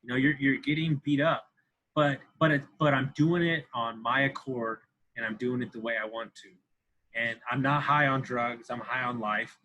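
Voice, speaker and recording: Man, 30s, husky, bright forceful voice, emphatic, swears a lot. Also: mid-range voice, steady tone, normal speed, poor audio. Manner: intense, profane, emphatic, repeats himself. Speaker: podcast guest. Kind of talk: candid interview talk.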